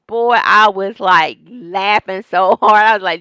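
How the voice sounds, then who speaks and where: A woman reviewing a reality TV show in a casual, gossipy vlog, talking straight to her viewers and getting animated when excited. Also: mid-range voice, a little slow, few pauses, clear, resonant tone, no echo, dull audio. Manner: chatty and gossipy, talks straight to viewers as "y'all" and "girl". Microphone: desk microphone.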